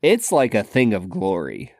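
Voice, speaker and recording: A man co-hosting a casual film review podcast, relaxed, with drawn-out phrasing and some hesitant restarts. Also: fairly low pitch, no echo, studio quality. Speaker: podcast co-host.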